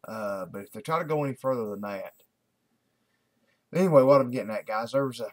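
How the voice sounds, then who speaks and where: A man's voice: medium pitch, fairly quick, a little mellow. A man, talking to camera in a casual, rambling daily video blog, full of fillers and restarts. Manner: folksy, repetitive, many fillers and restarts.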